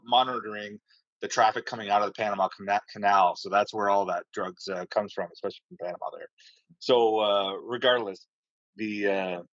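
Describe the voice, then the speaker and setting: A man with a lowish voice tells navy stories in a loose, rambling way, peppered with swearing and lots of "uh"s and restarts. The sound is dry and a bit dull, like a lo-fi recording. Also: a bit bright, no room sound. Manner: rambling, profane, many fillers and restarts. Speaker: podcast guest, navy sailor. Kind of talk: casual storytelling.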